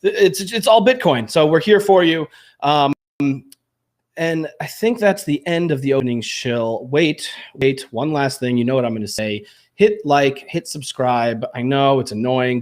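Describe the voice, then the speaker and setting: A man's voice: a little high, a little mellow. Male podcast host, upbeat, jokey, self-deprecating. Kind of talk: enthusiastic show intro and casual chat.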